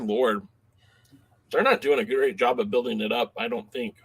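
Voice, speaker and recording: A man co-hosting a wrestling podcast in casual chat, animated and quick to laugh, reading out listener comments. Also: mid-range voice, creaky, husky. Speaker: podcast co-host.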